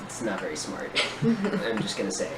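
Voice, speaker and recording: A player in a tabletop game, easygoing and quick to laugh. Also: medium pitch, huge pitch swings. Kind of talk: casual tabletop play. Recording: distant echoey mic with noise.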